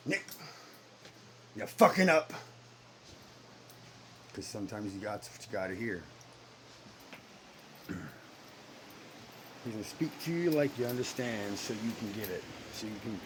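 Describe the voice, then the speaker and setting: A man talking about his beliefs in a casual, earnest monologue that turns suddenly loud and high at times. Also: normal speed, pauses often, background noise. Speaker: parent sharing personal beliefs.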